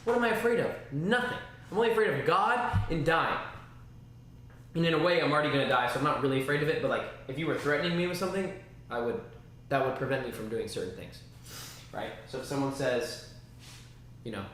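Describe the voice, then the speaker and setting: A man streaming casually to his chat, rambling and animated, dropping spoken sound effects like "boom" between thoughts. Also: fast talker. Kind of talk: casual livestream talk. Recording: very echoey room, faint noise.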